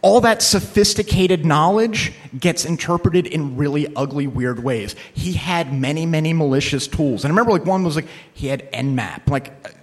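In a conference session with Q&A from the audience, a man who practices law talks anecdotally about computer crime law in a casual, profane style, with frequent fillers and acted-out quotes. His pitch is on the high side, and he keeps a moderate pace with few pauses.

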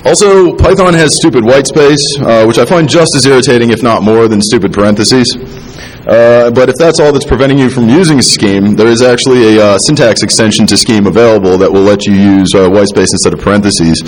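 A man giving a technical conference talk, halting with many fillers and restarts, dropping dry self-deprecating asides, a little tipsy from drinking. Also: fairly low pitch, low-quality recording. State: tipsy, drinking while talking. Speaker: conference speaker. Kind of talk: technical presentation.

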